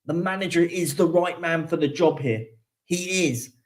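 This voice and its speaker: A young man vents on a live football fan show, his voice sitting a little higher than most men's. He hammers the same points again and again, fed up and wound up, and breaks off to sigh between bursts of anger. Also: moderate pace. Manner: frustrated, venting, repetitive emphasis. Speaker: football fan channel host. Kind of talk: live post-match reaction rant.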